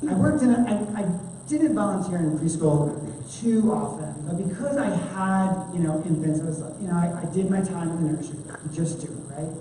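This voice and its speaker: A woman giving an animated conference training talk to children's ministry volunteers, chatty and full of fillers. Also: on the low side, moderate pace, slight background noise. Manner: chatty, animated, many fillers, acts out quotes. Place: large church hall. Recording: echoey hall from far off.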